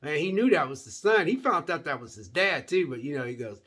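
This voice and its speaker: Rambling male movie-review vlogger, lively sing-song delivery. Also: fairly high pitch, a little fast. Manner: rambling, repeats words, says "man" often; folksy, animated. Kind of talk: casual movie review chat.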